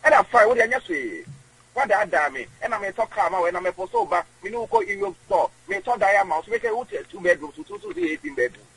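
A man's voice: very high voice, big pitch swings, fast talker, vocal fry, a bit bright, husky, low-quality recording. A man with a Ghanaian accent, a guest in an interview, who rambles and repeats words. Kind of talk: conversational interview.

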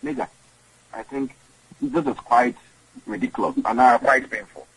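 A man's voice: mid-range voice, wildly swooping pitch, normal speed, vocal fry, fairly bright tone, husky, no room sound, rough recording. A Ghanaian man being interviewed, rambling and emphatic, often repeating himself. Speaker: guest. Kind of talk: casual interview chat.

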